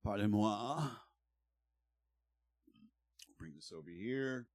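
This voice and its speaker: A man's voice: lowish voice, lively intonation, moderate pace, a little mellow, dry recording. A middle-aged man streaming live, talking casually and bluntly, ranting heatedly and swearing a lot. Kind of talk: casual livestream talk.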